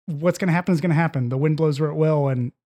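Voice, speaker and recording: A man's voice: fairly high pitch, fast talker, dark tone. A man talking through a film in a casual podcast discussion, rambling with many fillers and restarts. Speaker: podcast co-host.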